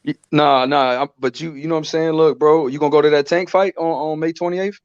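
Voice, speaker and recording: A man's voice: on the high side, fairly even intonation, a little fast, a little mellow, clean tone, no room sound, muffled recording. A man co-hosting a casual online boxing talk show, bantering in loose slang and joking around. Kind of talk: casual chat.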